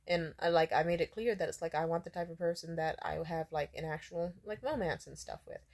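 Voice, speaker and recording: A woman's voice: fairly low pitch, fairly quick, darkish tone. A young adult woman telling a dating story in a casual rant, blunt, indignant and profane, with many fillers. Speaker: vlogger.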